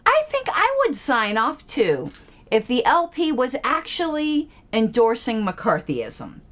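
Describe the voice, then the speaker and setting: A woman with a fairly high voice delivers political commentary in a video blog. Her pitch leaps all over the place as she pokes fun with sarcastic rhetorical questions. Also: slow. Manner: animated, with sudden pitch jumps.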